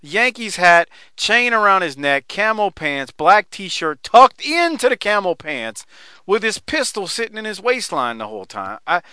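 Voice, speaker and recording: A man hosting a casual podcast, talking in an animated, profane way while presenting a clip. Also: sits high, moderate pace, smooth, no echo. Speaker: podcast host. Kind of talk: casual chat.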